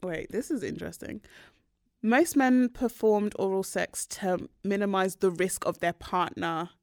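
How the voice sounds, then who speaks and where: A woman, co-hosting a podcast in casual chat, talking frankly and relaxed and reading out bits of research in a chatty way. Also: mid-range voice, measured pace, dry recording, clean studio sound. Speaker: podcast co-host.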